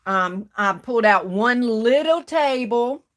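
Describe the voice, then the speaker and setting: A woman's voice: on the high side, animated, takes it slowly. A woman hosting a casual livestream, greeting viewers one by one and calling them baby and darling. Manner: warm Southern endearments, calls viewers baby and darling. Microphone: phone.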